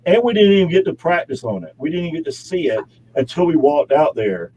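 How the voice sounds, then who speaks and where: A man's voice: on the high side, big pitch swings, fast talker, mellow, poor audio. A man, an actor and model, chatting as an interview guest in his home studio, rambling through stories with frequent laughs. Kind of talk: casual interview chat.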